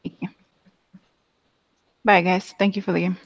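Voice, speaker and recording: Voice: mid-range voice, level tone, a little slow, vocal fry, no echo. A player leaving a tabletop game, apologetic and hesitant. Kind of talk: casual tabletop game chat.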